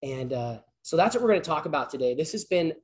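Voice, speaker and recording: A man's voice: a little high, animated, fast talker, a little mellow. Rambling man giving a casual sermon. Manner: rambling, conversational, many restarts. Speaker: guest speaker at church, PE teacher. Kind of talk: informal sermon with storytelling.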